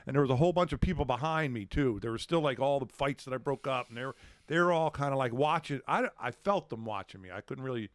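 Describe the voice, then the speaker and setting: A man's voice: medium pitch, lively intonation, fast talker, dry recording, studio quality. Profane middle-aged man telling a story. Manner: profane, acts out shouts and quotes. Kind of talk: casual storytelling.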